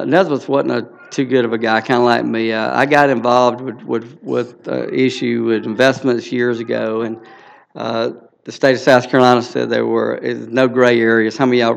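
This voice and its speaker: A man's voice: mid-range voice, gravelly, muffled recording. A man in his sixties with a Southern US accent, telling a folksy church testimony with many fillers. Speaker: guest speaker.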